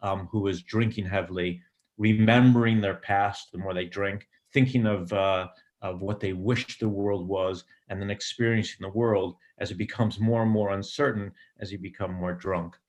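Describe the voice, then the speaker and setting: A middle-aged man speaking in a low register, answering interview questions about writing. He is thoughtful and digressive, circling his points with frequent ums and restarts. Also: steady tone, normal speed, darkish tone. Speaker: screenwriter and director.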